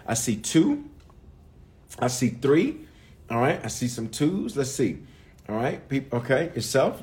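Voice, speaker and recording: Conversational bishop repeating lines for emphasis. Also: male voice, mid-range voice, darkish tone. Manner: conversational, repeats phrases for emphasis, calls out viewers by name. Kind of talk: live-streamed sermon recap with viewers.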